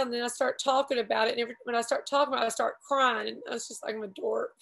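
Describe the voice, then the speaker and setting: A middle-aged woman tells a long, rambling story to friends, with a slightly high voice. She talks casually and often laughs at herself along the way. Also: steady tone, fast talker, gravelly, few pauses, a bit bright, low-quality recording. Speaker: paramotor pilot telling a story. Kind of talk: casual group chat.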